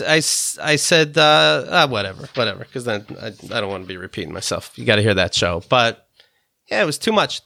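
A man's voice: medium pitch, creaky, sharp tone, no room sound, clean studio sound. A man hosting a podcast in casual chat, rambling and swearing freely with many restarts and fillers. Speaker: podcast host.

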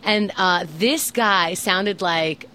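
A woman's voice: medium pitch, slow, bright, forceful tone, smooth. Chatty, teasing woman co-host. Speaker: podcast co-host. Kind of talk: casual comedic chat.

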